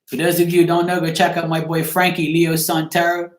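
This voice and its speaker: A man's voice: on the high side, completely flat delivery, brisk, roomy sound, a little hiss or hum. A man with a Bermudian accent, a tarot reader chatting casually on a live stream, greeting viewers by name and swearing freely.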